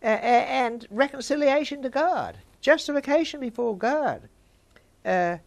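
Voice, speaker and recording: A woman's voice: sits high, expressive, a little slow, vocal fry, darkish tone. An older woman, giving informal Bible teaching and chatting with her listeners. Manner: conversational, chats with listeners.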